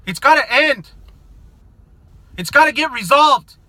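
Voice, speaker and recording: This vlogger, a middle-aged American, fires off a profane political tirade at the camera, confrontational and frequently shouting. His voice is unusually high, sharp and bright, expressive at a normal speed, with a dry, echo-free recording.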